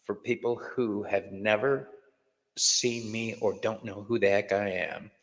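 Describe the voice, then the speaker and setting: A man's voice: lowish voice, measured pace, poor audio. A middle-aged man who reads tarot, hosting a casual livestream class and rambling chattily while greeting viewers by name.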